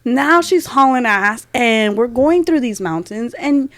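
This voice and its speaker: A woman's voice: fairly high pitch, expressive, measured pace, a bit bright, no room sound, studio quality. A woman in her thirties, co-hosting a podcast, telling a story in casual chat and laughing often. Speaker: podcast co-host.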